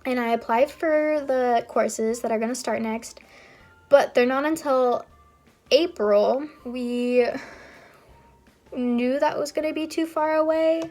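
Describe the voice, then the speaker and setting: Chatty young woman, slightly high voice. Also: takes it slowly, darkish tone. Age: young adult. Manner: chatty, rambling with frequent ums and likes. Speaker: vlogger. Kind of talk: casual storytelling to camera.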